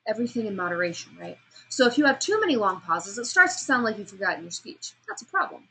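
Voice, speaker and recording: A woman teaching a speech class, her voice bright and forward with a husky, breathy edge. She talks in an animated way, questions the students, and acts out each sound and change of pace as she explains it. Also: medium pitch, quick pace, poor audio. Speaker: speech instructor. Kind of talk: classroom lecture on vocal delivery.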